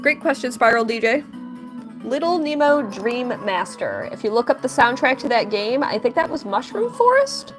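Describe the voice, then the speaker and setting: Over background music, a young woman with a high, very animated voice chats playfully at a moderate pace with viewers while drawing on a live stream. She answers their questions and teases her chat in this casual stream talk.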